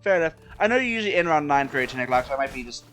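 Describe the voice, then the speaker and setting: A man's voice: mid-range voice, animated, very fast, a bit bright, soft background music. A man from Maryland chatting casually with his viewers while streaming a game, rambling and self-deprecating. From Maryland, USA. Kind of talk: casual live-stream chat while playing.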